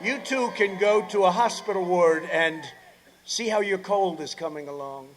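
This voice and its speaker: Rambling older man shouting at a rally. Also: sits high, normal speed, slight background noise. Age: 70s. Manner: rambling, sarcastic asides, repeats phrases; bursts into shouting. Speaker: politician addressing a rally. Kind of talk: rally speech.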